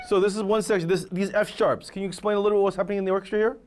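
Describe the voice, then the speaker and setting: A man's voice: sits high, little pitch movement, racing, loud music behind the voice. A man coaching violin students in a masterclass, singing phrases aloud and often checking in with "right?". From Korea. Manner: sings phrases aloud, asks "right?" often, acts out examples. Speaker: violin teacher.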